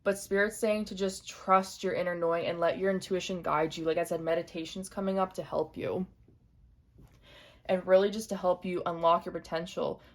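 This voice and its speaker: A young woman giving an intuitive tarot reading to camera, speaking gently and repeating her points straight to the viewer. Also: fairly low pitch, steady tone, normal speed. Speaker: tarot reader.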